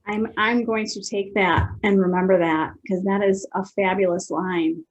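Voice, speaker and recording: A woman hosting a podcast, responding warmly to her guest's stories. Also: mid-range voice, steady tone, normal speed, dull audio. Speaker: podcast host. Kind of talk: casual interview chat.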